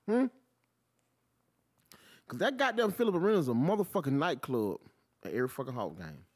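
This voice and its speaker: A man, hosting his own podcast and ranting about sports in an animated, profane style. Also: a little fast, long pauses. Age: 40s. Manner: animated, swings from low mutter to loud outbursts, heavy cursing. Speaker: podcast host. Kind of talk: profane solo sports rant.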